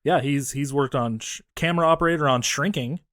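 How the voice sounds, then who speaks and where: A man co-hosting a casual movie-review podcast, talking in an animated, profane way and acting out scenes in funny voices. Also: fairly high pitch, brisk, no room sound, studio quality. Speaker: podcast co-host.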